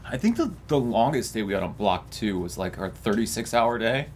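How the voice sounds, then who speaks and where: A man's voice: lowish voice, moderate pace, slight background noise. A man in casual conversation, telling stories from a film shoot and acting out what people said. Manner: animated storytelling, acts out quotes. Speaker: filmmaker and lead actor. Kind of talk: casual behind-the-scenes chat.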